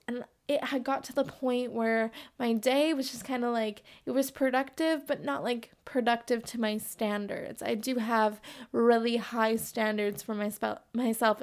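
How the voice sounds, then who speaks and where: Chatty high-voiced young woman podcaster. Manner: candid, chatty, swears freely, frequent "like" fillers. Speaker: podcast host. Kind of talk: casual solo podcast monologue.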